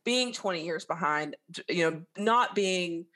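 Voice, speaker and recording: A woman's voice: lowish voice, measured pace. A woman from the American South with a Southern accent, telling stories as a guest in a casual interview. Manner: chatty, animated storyteller.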